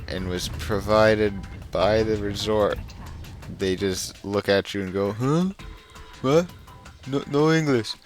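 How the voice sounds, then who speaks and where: A young man giving casual gaming commentary, telling a story in a slow, dry, sarcastic way. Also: lowish voice. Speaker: let's play gamer. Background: game music.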